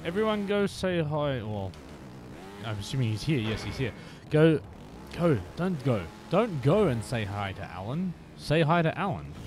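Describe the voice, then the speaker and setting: A man's voice: on the high side, big pitch swings, normal speed, noisy background. Man teasing his stream viewers. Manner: playful, teasing chat with viewers, drops into whispers. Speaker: game streamer. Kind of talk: casual live-stream chat.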